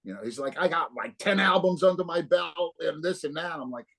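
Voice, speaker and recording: A man in his fifties from New Jersey, the guest guitarist, has a fairly high voice with vocal fry and a breathy edge, and he talks briskly. In a casual interview he tells stories with lots of swearing, animatedly acting out what everyone said.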